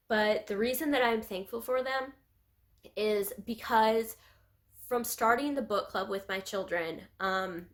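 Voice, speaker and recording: A woman in her thirties, a book vlogger, talking casually and from the heart about books, close to tears at times, with frequent pauses. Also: medium pitch, a bit bright. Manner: earnest, heartfelt, with many "um"s and pauses.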